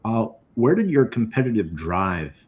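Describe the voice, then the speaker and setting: Low voiced guy hosting a podcast, upbeat and friendly. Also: very animated, normal speed, slightly rough. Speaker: podcast host.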